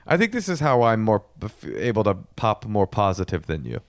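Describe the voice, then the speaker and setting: A man's voice: lowish voice, wildly swooping pitch, moderate pace, no echo, clean studio sound. A man co-hosting a podcast, chatting casually and joking in a playful, exaggerated way. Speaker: podcast co-host. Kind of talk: casual comedic chat.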